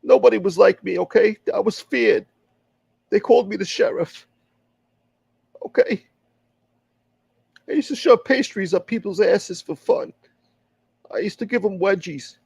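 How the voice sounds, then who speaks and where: A man putting on a shrill, boastful tough guy who calls himself a feared sheriff, taunting and cocky. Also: unhurried, gravelly, pauses often, darkish tone, breathy edge, no echo, lo-fi sound, full character voice.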